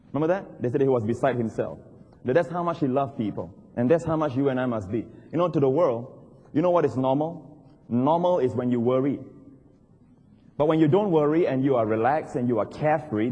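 A man, a pastor preaching a sermon in a church, animated and emphatic, his voice climbing high on key points. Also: breathy edge. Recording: long reverb of a large hall.

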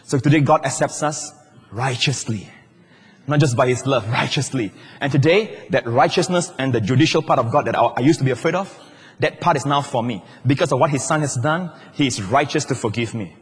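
A male pastor preaching a sermon in a large church hall, emphatic and shouting at the high points, with wide swings in pitch. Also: a little fast, slightly rough. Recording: long church-hall reverb.

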